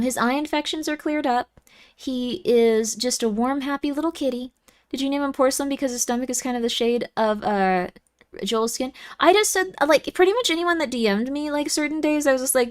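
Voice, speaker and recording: A woman's voice: on the high side, smooth. A young woman streaming and chatting casually with viewers, giggly and easily moved, with lots of fillers.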